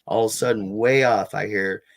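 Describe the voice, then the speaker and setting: A man's voice: lowish voice, steady tone, moderate pace, gravelly. A man telling a story as a guest in a casual interview, rambling with frequent restarts and fillers. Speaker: guest, Bigfoot field researcher.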